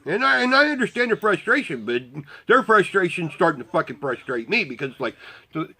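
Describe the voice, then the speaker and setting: A man's voice: high voice, sing-song, a little fast, bright, forceful tone, poor audio. A man telling a story in a casual, rambling way, blunt and heavily profane. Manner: rambling with restarts. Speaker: volunteer motorcycle parade marshal.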